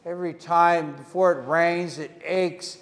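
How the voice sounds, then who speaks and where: A man voicing an older man who complains about his aching knee in a drawn-out, whiny way. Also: on the high side, steady tone, pitched above the performer's own voice. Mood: complaining. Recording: echoey hall reverb.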